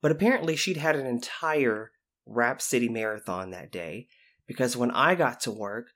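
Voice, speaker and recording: A man telling lively stories about his time as a youth intervention specialist, acting out the voices of the people in them. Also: medium pitch, moderate pace. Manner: animated, acts out quoted voices. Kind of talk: storytelling anecdote.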